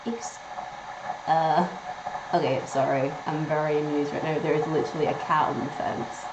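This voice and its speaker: A woman's voice: low voice, level tone, moderate pace. A young woman chatting casually with her stream viewers, swearing freely and easily amused. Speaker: livestreamer. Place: home kitchen indoors. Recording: echoey room with loud background noise.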